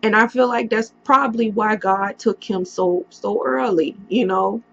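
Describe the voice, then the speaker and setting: A woman telling a painful personal story on a casual storytime vlog, halting often with pauses and fillers as she speaks into a computer mic. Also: mid-range voice, gravelly, a bit bright, muffled recording. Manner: halting, emotional retelling with many pauses and fillers.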